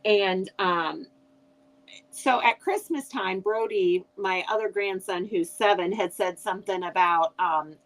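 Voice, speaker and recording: A woman's voice: on the low side, poor audio. An older grandmother and author, a podcast guest, chatting casually and telling family stories with frequent restarts. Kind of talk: casual chat.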